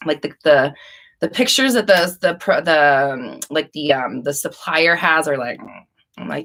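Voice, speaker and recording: A woman's voice: low-pitched, big pitch swings, unhurried, pauses often, bright, forceful tone. A young woman hosting a live Q&A stream, rambling and casual with frequent restarts and swearing. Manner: rambling, profane, chatty with restarts. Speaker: livestream host.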